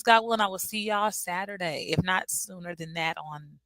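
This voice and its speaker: A woman's voice: lowish voice, moderate pace, few pauses, fairly bright tone, no echo, poor audio. A woman hosting a casual live stream, chatting directly with her viewers and calling them y'all.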